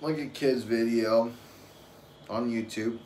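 A man's voice: mid-range voice, steady tone, slow, a little mellow. A young adult man and father talking casually on a live stream, telling rambling, profane stories. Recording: roomy echo with faint ambient noise.

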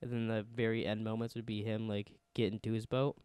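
Man, podcast co-host, quick, smooth clear voice, dry close sound. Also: lowish voice, little pitch movement, a little mellow, no room sound. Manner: chatty, rambling, laughs often. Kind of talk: casual chat.

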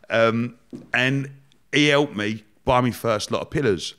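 A man's voice: medium pitch, a little slow. Chatty man telling stories. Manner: lively, chatty, slangy, laughing as he tells it. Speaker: guest, entrepreneur. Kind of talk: casual storytelling.

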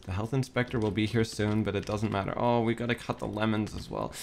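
A man's voice: lowish voice, expressive, fast talker, vocal fry, hardly any pauses. Young guy streaming a cooking game, panicky and sweary, faint hiss and keyboard clicks behind. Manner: frantic, self-talking, swears, panicky outbursts. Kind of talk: gameplay commentary.

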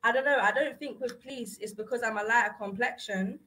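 A woman's voice: fairly high pitch, fairly quick, sharp tone, slight background noise, rough recording. A young woman, a radio guest chatting casually and rambling with lots of filler words. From South-East England. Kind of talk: casual chat. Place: radio studio.

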